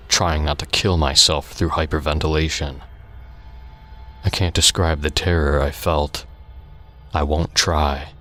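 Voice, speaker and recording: A man with an extremely deep, low voice reads a first-person horror story. His delivery stays flat and even, and his storytelling is steady and hushed.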